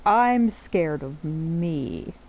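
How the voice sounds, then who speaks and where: A woman streamer giving casual gameplay commentary, playful, profane and quick to laugh. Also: low voice, animated, darkish tone, low-quality recording.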